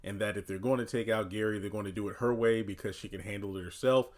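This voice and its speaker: A TV recap commentator talks loosely about an episode, using lots of "you know" and "uh," and animatedly voices the characters he quotes. He's a fast talker with a lowish voice.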